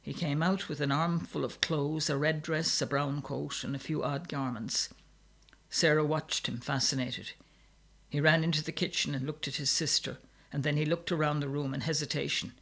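Man, narrating a story, measured and steady, gravelly, slightly high voice. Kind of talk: audiobook story reading.

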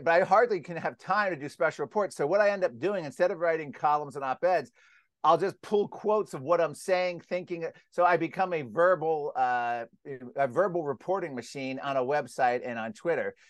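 Animated, rambling American man, dry close sound. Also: fairly high pitch, a little fast, no echo. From United States. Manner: animated, rambling with restarts, acts out quotes loudly. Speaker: guest, climate skeptic publisher. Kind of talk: casual interview storytelling.

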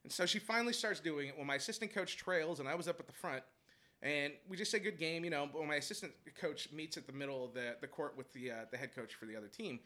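A man telling a heated story about coaching basketball, animated and profane, laughing as he goes. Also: a little high, fast. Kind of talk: casual storytelling chat.

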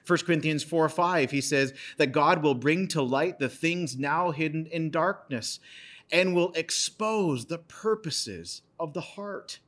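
A man preaching an earnest sermon, retelling a scripture story and reading verses aloud with dramatic pauses. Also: on the high side, a bit bright. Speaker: pastor.

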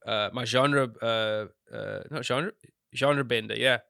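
A man co-hosting a casual film podcast, hesitant with many fillers, his voice jumping high when he is amused. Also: fairly even intonation, slow, creaky, bright, forceful tone, no room sound, studio quality. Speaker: podcast co-host.

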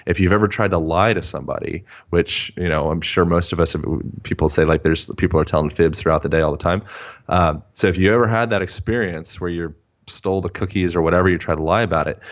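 A man with a very low voice talks as a guest expert. He rambles and restarts his sentences as he works through his ideas. The recording sounds dull and lo-fi. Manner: rambling, thinking aloud with many restarts. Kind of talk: casual interview chat.

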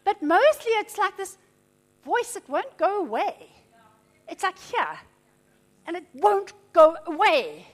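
A middle-aged woman preaching a sermon, emphatic and animated. Her voice swings between loud declarations and hushed, tender passages. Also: extremely high pitch, slow pace, pauses often.

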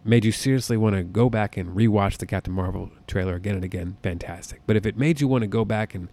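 A man hosting a solo podcast, talking casually in an excitable, jokey, profane way. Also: lowish voice, fast talker. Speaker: podcast host. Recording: close podcast mic.

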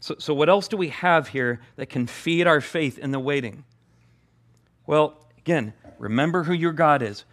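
A man's voice: fairly high pitch, moderate pace, a bit bright. Man preaching with repeated emphatic phrases. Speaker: pastor. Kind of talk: sermon.

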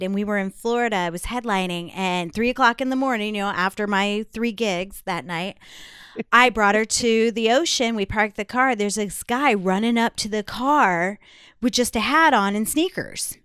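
A woman telling stories in casual chat, animated and acting out what people said. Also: mid-range voice, moderate pace, clean tone, dry recording, studio quality. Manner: animated storyteller, acts out quotes. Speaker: comedian and podcast guest.

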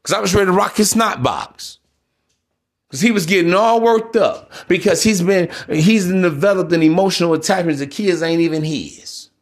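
Dude with a high voice going off on his podcast, blunt and preachy, lots of cussing. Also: moderate pace. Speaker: podcast host. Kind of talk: solo podcast rant.

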